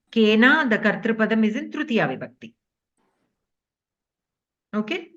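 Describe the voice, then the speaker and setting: A woman's voice: mid-range voice, a bit bright, lo-fi sound. A woman teaching Sanskrit grammar in an online class, explaining patiently and checking in with her students often.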